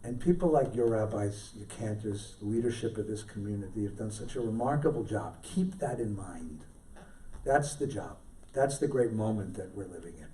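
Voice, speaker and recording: A man's voice: on the low side, animated, moderate pace, mellow, distant mic, a little hiss or hum. A middle-aged man from California, a rabbi telling anecdotes with self-deprecating humour to a congregation. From California, USA. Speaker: rabbi, guest scholar. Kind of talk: storytelling talk to a congregation. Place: synagogue hall. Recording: roomy hall, mic from afar.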